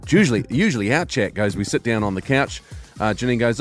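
A man's voice: medium pitch, expressive, fairly quick, soft background music. A man co-hosting a radio show, jokey and enthusiastic in casual banter. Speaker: radio host.

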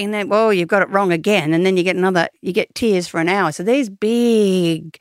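A woman's voice: medium pitch, a little fast, hardly any pauses, smooth, dry recording, studio quality. A woman hosting a podcast, chatting casually with her guest, affirming what he says and offering advice. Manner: warmly affirming, advice-giving. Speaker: podcast host. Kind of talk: casual interview chat.

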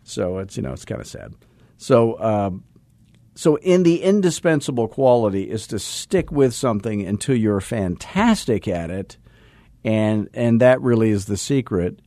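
A man's voice: on the low side, expressive, measured pace, dark tone, no echo. A man in his sixties hosting a radio talk show, telling a long casual anecdote and acting out the other speaker's lines, with lots of fillers and restarts. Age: 60s. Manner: rambling anecdotes with acted-out dialogue and many restarts. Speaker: real estate sales coach, show host.

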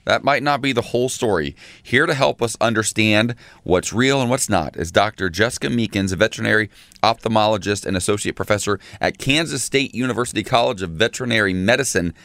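A man co-hosting a morning radio show, chatting and joking in a casual, animated way. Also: lowish voice, a little fast, no room sound.

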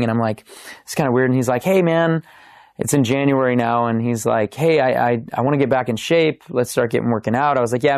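Young man, gravelly, dry close mic; animated testimony with quoted dialogue. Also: mid-range voice, no room sound. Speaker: podcast guest. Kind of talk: casual testimony storytelling.

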